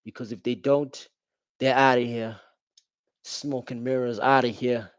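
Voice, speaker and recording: A young man giving casual, slangy live reaction commentary while watching a football match, calling out the referee loudly. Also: medium pitch, steady tone, measured pace, dry recording. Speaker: football watch-along streamer. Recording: dull, dry home stream audio.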